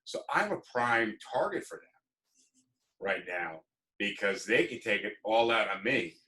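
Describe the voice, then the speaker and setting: A bright, forward-sounding man hosts a relaxed livestream talk. He tells his stories with animated energy and acts out the voices of the people he quotes. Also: on the low side, a little slow. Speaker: podcast host. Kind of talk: casual livestream chat.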